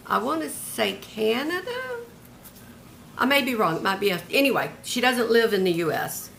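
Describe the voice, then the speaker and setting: A woman's voice: mid-range voice, gravelly, fairly bright tone, a little hiss or hum. An older retired woman showing off a handmade journal in a homey, chatty show-and-tell, describing each piece one by one. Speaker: craft vlogger.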